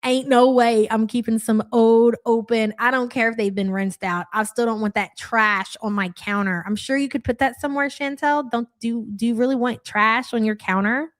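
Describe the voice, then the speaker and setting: A young woman doing live reaction commentary, her voice sitting fairly high. She talks bluntly and sarcastically and swears freely, reading out viewer messages between her remarks. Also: fairly even intonation, normal speed, few pauses. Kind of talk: casual live-stream commentary.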